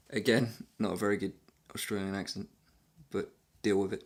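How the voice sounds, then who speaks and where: A man's voice: lowish voice, steady tone, brisk, a bit bright. A man telling a travel story casually to camera. He rambles and pokes fun at himself, with lots of fillers. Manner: rambling, self-deprecating, many fillers. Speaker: travel vlogger.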